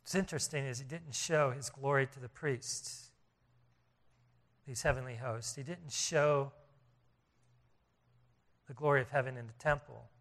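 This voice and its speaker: A man's voice: mid-range voice, steady tone, measured pace, vocal fry, pauses often, fairly bright tone. A man preaching a sermon as pastor, earnest, often restarting and repeating phrases and rising in volume to stress his points.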